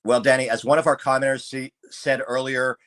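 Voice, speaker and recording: A man's voice: mid-range voice, fairly quick. A man hosting a live true-crime show, talking steadily and going through a call transcript. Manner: steady, reads transcript aloud. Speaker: show host.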